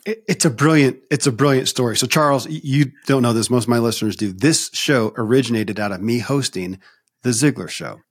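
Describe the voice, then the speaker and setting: A man's voice: medium pitch, a little fast, breathy edge, dry recording, clean studio sound. A male podcast host responding to a guest in a reflective, conversational way, thinking aloud and restarting phrases. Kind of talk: conversational interview hosting.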